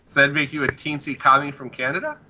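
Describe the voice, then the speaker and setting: A man's voice: on the high side, quick pace, bright, forceful tone, muffled recording, slight background noise. A man hosting a podcast in casual chat, laughing often and swearing casually. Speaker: podcast host.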